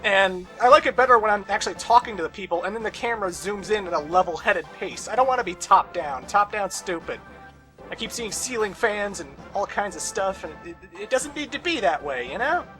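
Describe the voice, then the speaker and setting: A man's voice: sits high, expressive, brisk, sharp tone, soft background music. A young man commenting on a video game as he plays, casual and sarcastic, with ranting asides and swearing. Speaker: let's play host.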